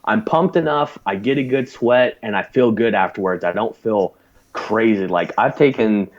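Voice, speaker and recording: Low-voiced profane storyteller man. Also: moderate pace, dull audio. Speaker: podcast guest. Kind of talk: casual chat with sea stories.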